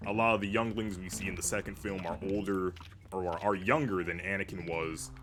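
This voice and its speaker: A man's voice: low-pitched, steady tone, brisk. A young man chatting casually while streaming a video game, rambling with lots of fillers. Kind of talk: casual gameplay commentary. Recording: music playing behind.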